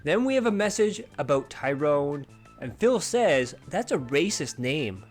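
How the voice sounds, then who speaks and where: A man narrates online drama in a dry, sarcastic tone, his voice sitting a bit high for a man. Faint music plays under his commentary. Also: sing-song, a little slow. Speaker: commentary channel host.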